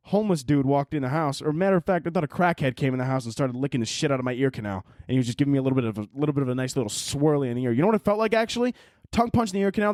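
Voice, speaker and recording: A man hosting a solo podcast, rambling and swearing through animated stories, short on sleep and wired. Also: medium pitch, no room sound. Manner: rambling, profane, animated storytelling. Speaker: podcast host. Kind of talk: casual solo podcast monologue.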